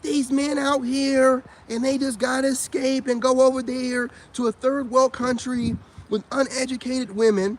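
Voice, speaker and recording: A man putting on the voice of a mocking, complaining woman, with sneering, exaggerated high mimicry. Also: level tone, a little slow.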